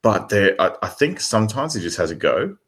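A man's voice: on the low side, big pitch swings, a little fast, fairly bright tone, breathy edge. An Australian man in easygoing casual chat, joking and chiming in on a podcast.

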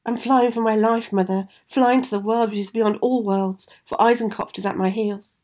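A woman's voice: on the high side, steady tone, normal speed, a little mellow, natural voice. A woman voicing a young man in a fairy tale, running for his life. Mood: desperate.

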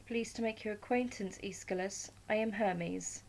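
A woman reads the part of a mischievous male trickster god from a storybook tale, making him teasing and grand. He talks with easy, playful confidence, slightly louder than the surrounding narration, in a creaky mid-range voice at a moderate pace.

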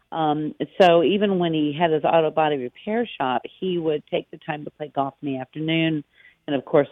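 A woman's voice: sits low, no echo. Middle aged american lady on a phone call, chatty storyteller, thin dry line. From United States. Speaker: guest, golf professional. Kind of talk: casual interview chat.

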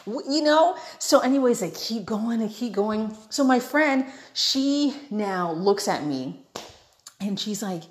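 A young woman from the United States chats to her viewers in a casual vlog. She tells the story dramatically, with a very lively pitch that leaps around as she quotes herself and others. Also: a little slow, slight background noise. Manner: animated, dramatic retelling with quoted asides. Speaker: vlogger.

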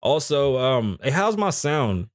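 With a slow, sing-song delivery at medium pitch, a man runs a casual live podcast in a small studio, joking, swearing and rambling from one topic to the next. The recording is dry.

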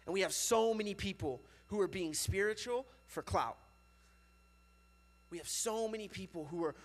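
A youth pastor, young and high-voiced, preaches to a youth group in a loose, chatty manner at a moderate pace. His sentences are packed with casual filler words, and his energy stays animated.

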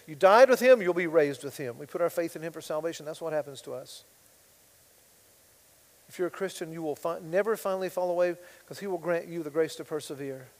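A man preaching a sermon as pastor, swinging between loud emphatic bursts and quiet asides. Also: fairly high pitch, big-room sound, low-quality recording.

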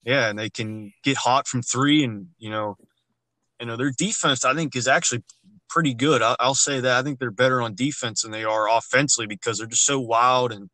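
A man's voice: medium pitch, fairly quick, pushed and bright, no room sound, rough recording. A man co-hosting a casual sports podcast, ranting bluntly about college basketball and swearing freely. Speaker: podcast co-host.

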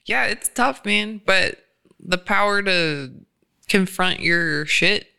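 A man's voice: sits high, lively intonation, slow, gravelly, sharp tone, clean tone. A man in casual, reflective podcast conversation, laughing often and using many fillers. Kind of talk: casual chat.

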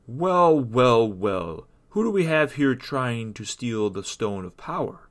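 A man voicing a mysterious guardian of a magic stone in a storybook reading, booming and ominous. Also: big pitch swings, slow.

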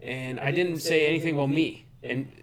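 A man from Canada talks as a podcast guest, slightly high-pitched and blunt, swearing freely as he tells his stories. A steady crowd chatter runs behind his voice. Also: moderate pace. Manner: profane, blunt storytelling. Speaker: guest, MMA fighter. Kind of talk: casual podcast chat.

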